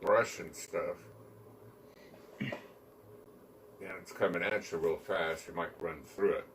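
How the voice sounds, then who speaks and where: A man's voice: low-pitched, steady tone, takes it slowly. A man chiming in with short, laid-back remarks in casual chat. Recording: distant, noisy room mic.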